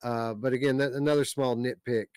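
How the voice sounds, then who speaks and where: Male podcast host, middle pitch, dry close sound, blunt and ranty. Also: steady tone, fairly quick, darkish tone, clean tone, dry recording. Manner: blunt, ranting, reads out chat. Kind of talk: casual podcast chat.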